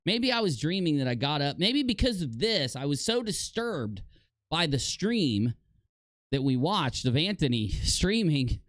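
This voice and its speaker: A male live streamer riffing to his chat in a loose, sarcastic way, often laughing at himself. His pitch swings widely and sits a bit high for a man. The sound is close and dry, with little room around it. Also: very animated, unhurried, no room sound. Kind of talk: casual live-stream commentary.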